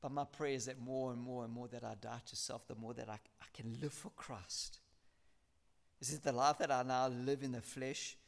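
A man preaching a sermon, earnest and emphatic, building points through repetition and reading scripture aloud slowly. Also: medium pitch, fairly even intonation, vocal fry.

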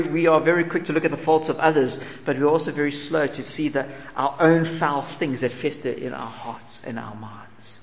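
A man preaching a sermon, earnest and questioning, sometimes dropping to a soft, humble plea. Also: a little high. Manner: earnest preaching, rhetorical questions, voicing humble pleas softly. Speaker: pastor. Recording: long reverb in a large hall, faint ambience.

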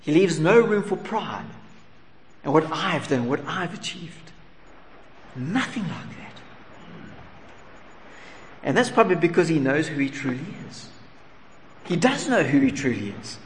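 A man delivers an earnest sermon in a large hall, with long reverb trailing his words. He asks the listeners rhetorical questions and slips into quiet, humble pleas. A faint room ambience sits underneath. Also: on the high side, sing-song, a little slow, pauses often, a little hiss or hum. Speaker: pastor.

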